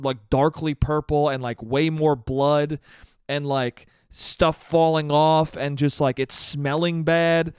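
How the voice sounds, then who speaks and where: A man hosting a solo podcast, ranting in an exasperated, profane way and mimicking other people in flat voices. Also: on the high side, smooth, no room sound, clean studio sound. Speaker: podcast host. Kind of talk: solo comedic rant.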